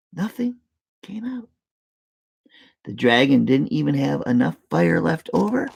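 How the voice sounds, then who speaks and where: Woman reading a storybook aloud to kids, very expressive, slow and deliberate, playful hushed asides. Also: fairly high pitch, vocal fry, slightly rough. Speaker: children's book reader. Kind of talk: reading a picture book aloud to children.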